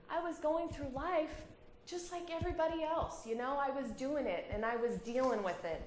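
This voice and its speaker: Guest speaker: woman, thirties, animated storyteller, roomy hall sound. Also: medium pitch, slight background noise. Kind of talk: personal storytelling talk. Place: community hall. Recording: roomy hall with faint ambience.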